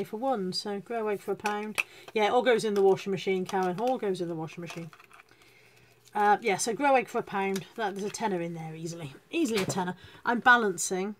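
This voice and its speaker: A woman's voice: medium pitch, a little hiss or hum. A woman chatting casually to viewers on a live stream, self-deprecating and greeting people as she goes. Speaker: reseller hosting a live stream.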